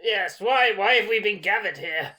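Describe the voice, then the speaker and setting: A man's voice: sits high, expressive, moderate pace, over a noisy crowd. A man playing a tabletop game in character, asking hesitant, puzzled questions. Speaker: player.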